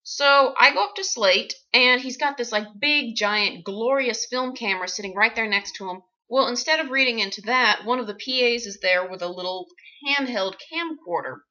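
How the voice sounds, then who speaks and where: A woman with a bright, crisp voice recounting her own misadventure as an actress. She tells it in an animated, wry way, full of sarcastic asides. The sound is muffled and lo-fi. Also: a little high, normal speed, hardly any pauses. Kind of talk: comic personal storytelling.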